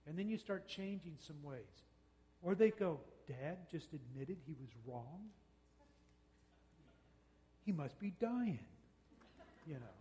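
A man giving a talk on parenting, folksy and conversational, acting out quick exchanges with kids. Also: a little high, a little mellow, big-room sound. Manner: folksy, uses quoted dialogue and quick mock exchanges. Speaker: speaker on parenting, radio host and counselor.

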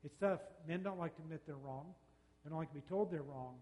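A man giving a talk on parenting, folksy and conversational, acting out quick exchanges with kids. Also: a little high, mellow, long reverb tail. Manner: folksy, uses quoted dialogue and quick mock exchanges. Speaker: speaker on parenting, radio host and counselor.

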